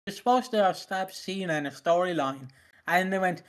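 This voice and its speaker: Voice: medium pitch, fairly quick, a bit bright. A podcast co-host chatting about wrestling, rambling and laughing, with many restarts. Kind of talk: casual wrestling review chat.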